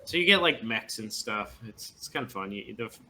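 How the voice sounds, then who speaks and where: A man's voice: fairly low pitch, lively intonation, a little fast, pushed and bright. Laid-back male gamer, wry and casual, over a faint noise floor. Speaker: player. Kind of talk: casual chat.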